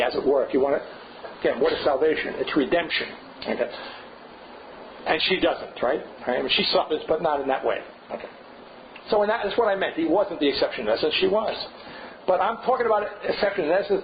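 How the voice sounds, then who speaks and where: A man's voice: high-pitched, vocal fry, slight background noise. An older man leading an informal seminar lecture, thinking aloud in a digressive way and often checking in with a rhetorical "right?". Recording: dull lo-fi classroom recording.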